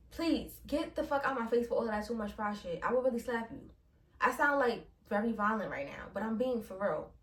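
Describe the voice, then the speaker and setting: A young woman hosts a casual solo podcast in a high, bright voice. She talks bluntly and with a lot of animation, laughing and swearing as she goes. The room is echoey and she sits a little back from the mic. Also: far from the mic. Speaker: podcast host.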